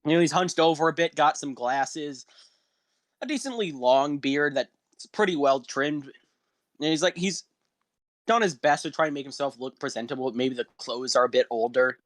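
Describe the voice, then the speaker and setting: A young man narrating a tabletop game, loose and rambling, full of fillers. His voice sits a little high, and the sound is close and dry. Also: moderate pace, no room sound. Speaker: game master.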